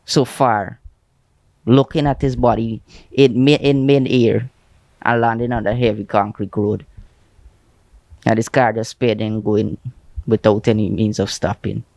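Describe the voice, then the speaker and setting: A young man with a Guyanese accent, giving a shaken, halting eyewitness account in a news interview. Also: fairly low pitch, flat delivery, gravelly, darkish tone, dry recording. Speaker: eyewitness friend.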